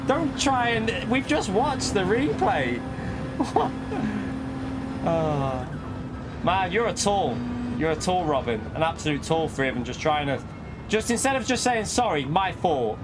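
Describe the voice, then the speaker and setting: Guy streaming a racing game, fired up and laughing, kinda high voice, loud car noise behind. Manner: indignant, ranting at chat with frequent laughs. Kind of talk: live racing game commentary. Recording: noisy with car engine sounds.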